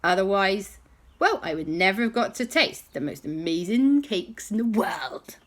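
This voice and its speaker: A kindly, grateful man speaks in a bedtime story, with a woman doing the voice. His thanks are earnest, delivered in a bright, lively tone that rises and falls freely. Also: high voice, unhurried, exaggerated voice.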